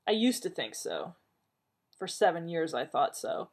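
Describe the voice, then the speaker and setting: A woman's voice: lowish voice, sing-song, a little slow, slightly rough, exaggerated voice. A woman reading aloud, voicing a grim, tall warrior man who speaks in terse, brooding lines.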